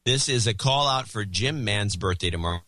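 Low-voiced guy co-hosting a podcast, sharp tone, dry matter-of-fact banter. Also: animated, brisk, no echo. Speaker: podcast co-host. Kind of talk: casual banter reading donor credits.

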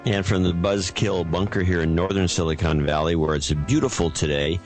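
A man with a very low voice co-hosting a podcast, speaking in a dry, matter-of-fact, somewhat gruff way. Faint music runs underneath. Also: a little fast. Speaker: podcast co-host. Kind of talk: casual chat. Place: Silicon Valley, California.

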